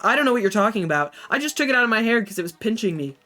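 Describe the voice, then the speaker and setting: A sulky, evasive young circus performer, as a woman puts her on, brushing off questions with short, prickly retorts. Her voice sits a little higher than an everyday speaking voice, with mildly raised energy. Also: big pitch swings, rapid-fire, pushed and bright, faint music behind. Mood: defensive. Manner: curt, dismissive, sulky retorts.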